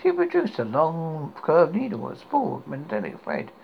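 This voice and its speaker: A man hosting a horror podcast, reading a dark story aloud with stumbles and restarts. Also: on the high side, huge pitch swings, moderate pace, creaky. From United Kingdom. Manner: stumbling, self-correcting reading. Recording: dull lo-fi recording with faint hiss.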